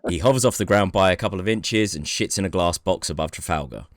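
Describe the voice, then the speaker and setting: A man with a very low voice co-hosts a comedic book podcast and explains its scoring rules in a wry, jokey manner. The recording is dry and close. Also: fast talker, dry recording. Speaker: podcast co-host. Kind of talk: casual comedic chat.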